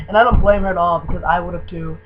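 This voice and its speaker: A woman's voice: fairly low pitch, very fast. Gushing young woman on lo-fi webcam audio. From Michigan. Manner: gushing, excitable, filler-heavy fan talk. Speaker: vlogger. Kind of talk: casual fan tag video. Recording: dull lo-fi webcam audio with faint hum.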